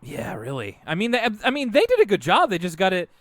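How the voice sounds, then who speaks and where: Lively, higher-voiced man chatting on a podcast. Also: brisk, no echo. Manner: loose and chatty, many fillers and restarts. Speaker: podcast co-host. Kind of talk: casual chat.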